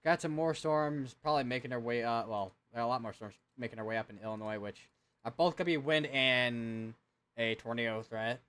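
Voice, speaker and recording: A man's voice: mid-range voice, a little fast, fairly bright tone, clean tone. Young man calling live storm updates. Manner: casual, rambling, many fillers and restarts. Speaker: weather stream host. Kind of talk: live severe weather commentary.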